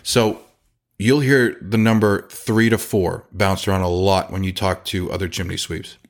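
This man's voice sits low and moves a little slowly. He owns a chimney sweep company and chats casually on a podcast, telling stories with animation and acting out the people in them.

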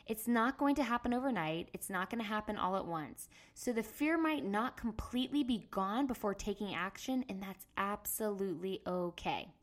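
A woman in her thirties hosts a podcast, earnestly telling a personal story in a casual monologue and loudly acting out her past self. She speaks at medium pitch and a moderate pace with few pauses.

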